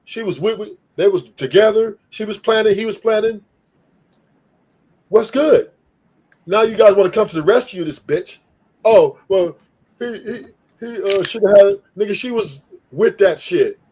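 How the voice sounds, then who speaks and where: A man's voice: high voice, animated, moderate pace, mellow, husky. A man on a live stream arguing heatedly, profane and combative, often repeating himself.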